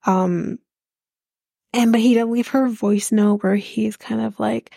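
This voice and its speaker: A woman's voice: mid-range voice, steady tone, unhurried, gravelly, long pauses, dark tone, dry recording, studio quality. A woman hosting a podcast, recapping a reality show in a blunt, profane, ranting chat.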